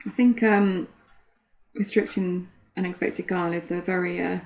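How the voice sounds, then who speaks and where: A woman's voice: fairly low pitch, moderate pace. A British woman co-commentating a card game match in casual chat, teasing and laughing often. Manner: giggly, teasing, animated.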